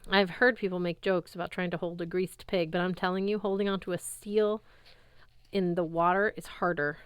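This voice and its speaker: A woman reads a chapter of a novel aloud in a lively first-person voice. Her tone is clear and smooth, recorded close with a dry, roomless sound. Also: lowish voice, moderate pace, no echo. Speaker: reader.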